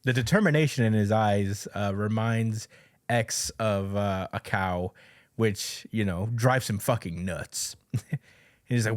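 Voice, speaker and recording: A man's voice: lowish voice, unhurried, no echo, studio quality. A man co-hosting a podcast, casually recapping a manga chapter with lots of fillers and quoted lines. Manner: conversational, many fillers, reads out character lines.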